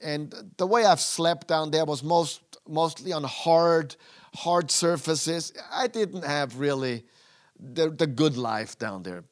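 A tired male house cat who longs for comfort, played by a preacher telling a joke. He speaks in a homely, plaintive way in a fairly high voice. It is a plain joke voice rather than a cartoon one. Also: slow pace. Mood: contented. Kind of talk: joke told in a sermon.

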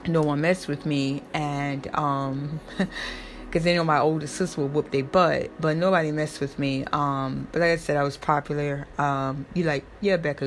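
A woman's voice: low voice, slight background noise. A young woman talking casually and emotionally, rambling with many fillers and restarts. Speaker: host. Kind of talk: casual personal talk.

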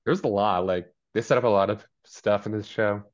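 A man with a slightly low voice chats through a TV episode for a podcast, jumping into character bits as he goes. The recording sounds dull and lo-fi. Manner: animated, acts out characters in quick asides. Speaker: podcast co-host. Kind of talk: casual recap chat.

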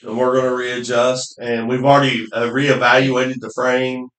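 A man's voice: medium pitch, level tone, normal speed, a bit bright. A man co-hosting a casual podcast, laid-back and full of crude jokes. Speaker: podcast co-host. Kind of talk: casual chat. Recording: roomy echo.

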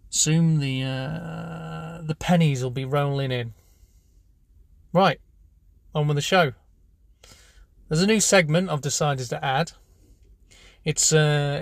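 A man hosting a comedy show in a rambling, deadpan monologue full of restarts. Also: on the high side, creaky, no room sound.

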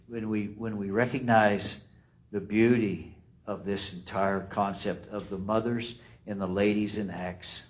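A man's voice: on the low side, darkish tone, low-quality recording. Emphatic repetitive male preacher. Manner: emphatic and repetitive, with sudden rises and drops. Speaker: pastor. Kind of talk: sermon.

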